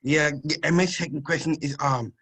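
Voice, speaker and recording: A man's voice: a little high, moderate pace, fairly bright tone, husky, low-quality recording. A male student interviewer asking questions hesitantly, stammering and restarting often.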